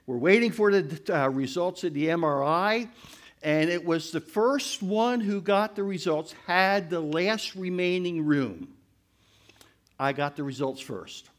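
An older man giving a storytelling testimony to a church congregation, animated and crying out as he retells events. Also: on the high side, a little slow. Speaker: church speaker.

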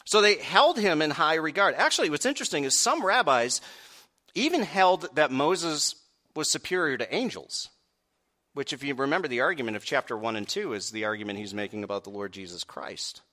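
A man preaching a sermon, asking the congregation direct questions and swinging from quiet earnest stretches to loud raised peaks. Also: a little high, lively intonation, brisk. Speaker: pastor.

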